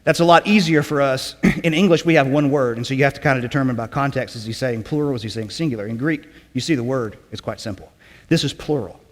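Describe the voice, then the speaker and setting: A man preaching a sermon in a conversational teaching way, often checking in with "okay?" and clearing his throat. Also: mid-range voice, fast talker, in a large hall. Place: church sanctuary.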